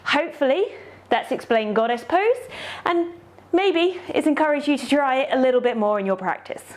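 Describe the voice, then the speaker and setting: A woman's voice: high voice, expressive, moderate pace. A woman teaching a yoga class, cueing poses step by step in an encouraging way and slightly out of breath.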